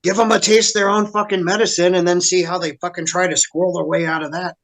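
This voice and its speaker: A man's voice: high voice, flat delivery, fairly bright tone, low-quality recording. Blunt swearing man on a podcast. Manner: fast-talking, heavy swearing, blunt. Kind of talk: casual chat.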